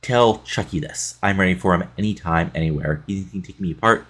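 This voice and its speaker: A man's voice: low voice, a little fast, a bit bright, slightly rough. A man reading out the lines of an arrogant male wrestler sneering at bikers. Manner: sneering, read aloud plainly.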